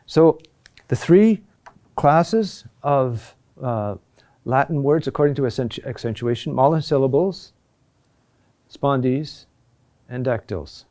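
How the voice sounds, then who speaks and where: Male lecturer, unhurried and hesitant delivery, mellow low-key tone. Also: lively intonation. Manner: slow, halting delivery with many fillers and restarts. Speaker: teacher of Gregorian chant. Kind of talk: classroom lecture.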